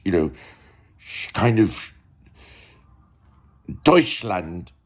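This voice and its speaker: A man's voice: lowish voice, expressive, a little slow. A man hosting a casual home video, lecturing and drilling the same words over and over. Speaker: show host.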